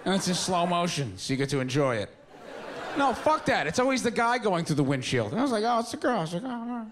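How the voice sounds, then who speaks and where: A man's voice: sits high, sing-song, fast talker. A man in his twenties doing a stand-up comedy set on a club stage, talking in a casual, rambling, self-mocking way into a handheld mic. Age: 20s.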